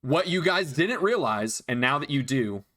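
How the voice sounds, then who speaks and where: A man's voice: fairly high pitch, lively intonation, moderate pace, fairly bright tone. A man acting as dungeon master, patiently explaining rules and counting out moves in casual chat. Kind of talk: narrating a tabletop game.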